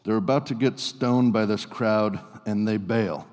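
A man preaching a sermon in a relaxed, conversational way, telling stories with playful asides to his congregation. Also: fairly low pitch, measured pace. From US Pacific Northwest. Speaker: pastor. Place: church sanctuary. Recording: long reverb of a church hall.

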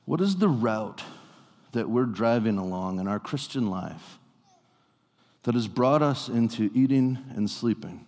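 A male pastor delivers his sermon in an easy, storytelling manner, drifting into playful asides before coming back to his point. His voice sits at an ordinary male pitch. A long reverb from a church hall hangs on every phrase. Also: expressive, a little slow, darkish tone. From US Pacific Northwest. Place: church sanctuary.

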